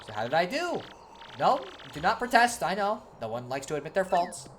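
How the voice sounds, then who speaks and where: A woman's voice: on the low side, sing-song, fairly quick, a little hiss or hum, voice pushed up. A woman reading the lines of a self-assured male bomb creature in a slightly raised, plain voice. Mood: smug. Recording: game music behind.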